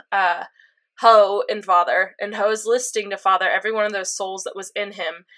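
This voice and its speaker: Young woman, bright voice, casual chat, filler-heavy retelling. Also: medium pitch. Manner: chatty, animated retelling with frequent fillers. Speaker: co-host recapping an anime episode.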